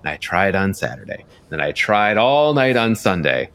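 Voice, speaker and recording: Male storyteller from the US, casual and animated, lots of pitch swings. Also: normal speed, clear, resonant tone. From United States. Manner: animated, acts out both sides of a conversation. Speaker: storyteller guest.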